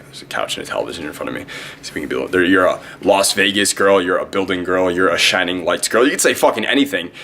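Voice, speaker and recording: A young man talks to the camera like a swaggering dating coach, full of swearing and self-promotion. His voice sits very low and he races through his sentences. A faint hiss hangs behind the recording. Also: expressive, vocal fry, pushed and bright. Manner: brash, profane, fast-talking. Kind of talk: direct-to-camera advice vlog.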